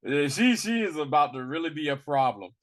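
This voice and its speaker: A man talking casually as a podcast host reviewing a film, slangy and animated, acting out the lines he recounts. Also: fairly high pitch, a little fast. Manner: animated, slangy, acts out quotes in bursts. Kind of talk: casual movie review chat.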